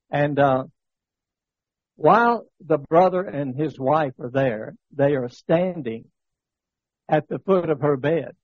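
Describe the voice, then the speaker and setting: A man's voice: mid-range voice, husky, no echo, dull audio. A man teaching a church Bible study lesson, talking conversationally with many fillers and rhetorical questions, telling a story. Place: church classroom.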